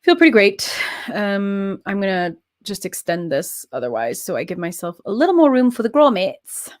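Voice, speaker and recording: A woman's voice: mid-range voice, very animated, normal speed. A young woman chatting casually and playfully, rambling while she works on a craft. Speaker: host.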